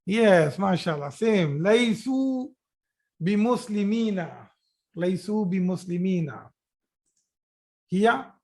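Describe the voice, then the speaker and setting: Man, grammar teacher, slow deliberate pace, repeats each phrase, praises students, video call. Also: sits high, expressive, darkish tone. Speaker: Arabic teacher. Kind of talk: online grammar class.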